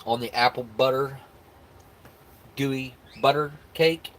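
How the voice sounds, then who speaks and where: A man with a lowish, breathy-edged voice talks at a moderate pace. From the United States, he hosts a live stream and casually rambles while reacting to what viewers comment, easygoing, with lots of restarts and laughs.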